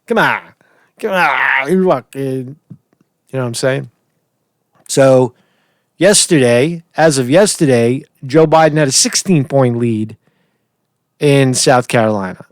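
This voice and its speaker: A man's voice: medium pitch, slow pace, long pauses, dry recording, studio quality. A man giving casual political commentary, rambling and opinionated, who often repeats words and restarts sentences.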